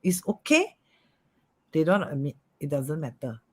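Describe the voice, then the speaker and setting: Metaphysics teacher, livestream class, animated, keeps checking "okay?". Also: medium pitch, a little slow, breathy edge. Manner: animated, repeats "okay?" and "ah", coaxing.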